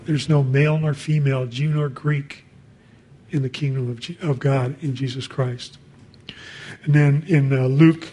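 A man's voice: mid-range voice, a little mellow, a little hiss or hum. A man preaching a sermon in a conversational way, reading scripture and adding casual asides.

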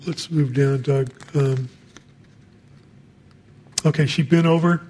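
A man's voice: mid-range voice, steady tone, slow, a little mellow, slight background noise. A man preaching a sermon in a conversational way, reading scripture and adding casual asides.

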